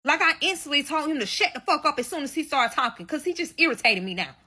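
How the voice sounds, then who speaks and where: Straight to her viewers, a woman tells a wild personal story in a storytime vlog, her voice husky and breathy with a bright, sharp tone and a slightly high pitch. She swears freely and layers on dramatic emphasis. Her intonation is lively, and she talks quickly with few pauses.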